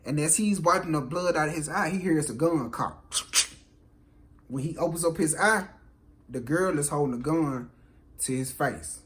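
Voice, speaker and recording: Southern male storyteller, slightly high voice, animated, casual delivery. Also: normal speed, pauses often. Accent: Southern American. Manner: animated, acts out every voice.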